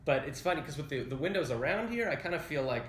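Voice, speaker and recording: A man's voice: on the high side, lively intonation, quick pace, a bit bright, slight background noise. Playful man touring a condo. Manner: playful, self-mocking, exclamatory. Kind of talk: joking casual walkthrough. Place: condo unit indoors.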